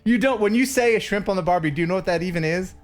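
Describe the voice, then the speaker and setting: An American man hosting a casual live stream, playful and quick to laugh as he reads viewer messages. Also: sits high, faint music behind.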